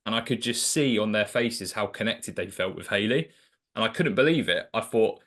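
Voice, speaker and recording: Man with a slightly low voice, relaxed conversational guest telling stories. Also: moderate pace. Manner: loose, chatty, many "like" fillers. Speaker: sales coach guest. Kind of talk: casual conversational storytelling.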